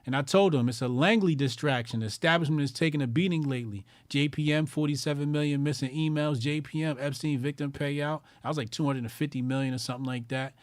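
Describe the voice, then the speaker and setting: A fairly high-voiced man rants on his call-in show with mockery and constant swearing. He hammers his points home by repeating lines. The sound is close and dry, with no room around it. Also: fast, few pauses, no room sound. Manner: loud, profane, mocking, repeats lines for emphasis. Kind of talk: profane ranting commentary.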